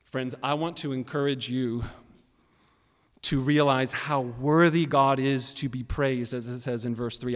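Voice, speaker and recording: A male pastor preaching a sermon, swinging from quiet, low remarks to loud, emphatic bursts of praise. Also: fairly even intonation, unhurried, in a large hall.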